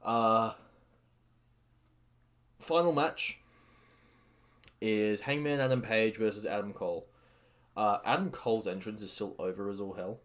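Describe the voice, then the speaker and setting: A man hosting a casual wrestling recap, excitable and rambling with many fillers and restarts. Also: fairly low pitch, measured pace, long pauses. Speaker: podcast host reviewing a wrestling show.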